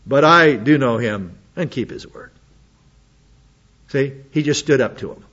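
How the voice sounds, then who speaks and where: A man's voice: mid-range voice, lively intonation, fairly bright tone, husky, highs cut off. Man preaching, reading scripture with asides. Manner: reads scripture aloud then adds quick casual asides. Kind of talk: sermon with Bible reading and commentary.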